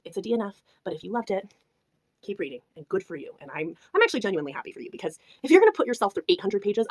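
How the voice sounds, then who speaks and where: A young woman ranting in a book review vlog, animated and exasperated, swinging between loud outbursts and whispers. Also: mid-range voice, very fast, no room sound. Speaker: book vlogger.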